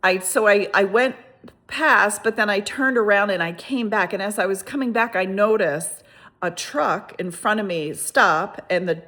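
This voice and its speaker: A woman casually telling a personal story on her vlog. She rambles with frequent restarts and asides and retells events in a lively, exclamatory way. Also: mid-range voice, normal speed.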